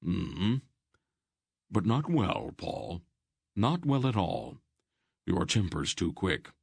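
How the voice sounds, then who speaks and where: A man voicing a wise, dry-humored old sorcerer in an audiobook, speaking calmly and firmly. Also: low voice, gravelly, breathy edge, no room sound, heavily acted. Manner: calm, measured, gently firm. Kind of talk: audiobook character voice.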